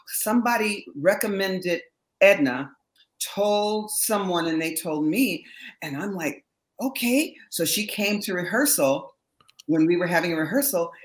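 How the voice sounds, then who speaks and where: A woman from Berkeley, a session singer, telling stories in a lively, laughing way as an interview guest. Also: on the low side, reverberant, poor audio. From Berkeley, California. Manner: animated storyteller, laughs often. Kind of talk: casual interview chat.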